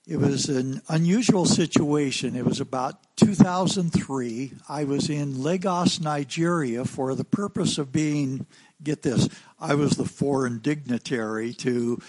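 An American man preaching a sermon, telling a story in an unhurried anecdotal way with some fillers. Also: a little high, a little mellow. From United States.

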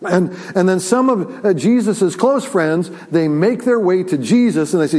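A man's voice: animated, normal speed, few pauses, dark tone. A male pastor preaching a sermon, retelling a story with many restarts and fillers. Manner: acts out quotes with rising pitch and volume.

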